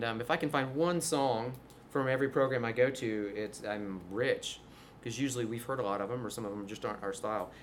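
This is a man, giving a relaxed, conversational workshop talk to fellow teachers. The recording carries a faint hiss of background noise. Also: mid-range voice. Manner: conversational, demonstrates his voice registers. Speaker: music teacher presenting to teachers. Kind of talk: workshop presentation. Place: room before a live audience.

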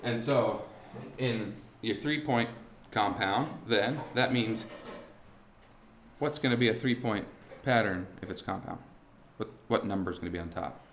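Halting man teaching in an echoey room. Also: lowish voice, a bit bright, slight background noise. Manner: halting, restarts, rhetorical questions to the class. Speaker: music teacher. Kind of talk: classroom lesson on beat patterns. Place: warm indoor classroom.

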